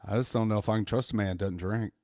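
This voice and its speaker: A man quoting a gruff former military father with a flat, deadpan delivery. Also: lowish voice, quick pace, natural voice. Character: gruff former military dad, dry wit.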